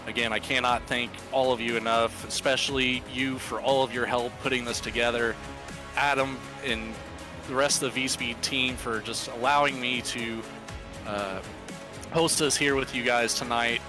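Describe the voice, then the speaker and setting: A man commentating a sim racing broadcast, emotional and thankful as he wraps up a charity race. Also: medium pitch. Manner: emotional, warm-hearted, thankful. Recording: music playing behind the voice.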